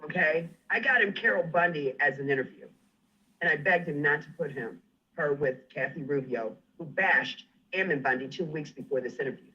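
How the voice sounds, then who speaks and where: Heard through muffled livestream audio, a guest rants in fury, swearing, threatening someone, and holding firm. His voice runs on the high side, expressive and pushed, bright yet husky, at a moderate pace.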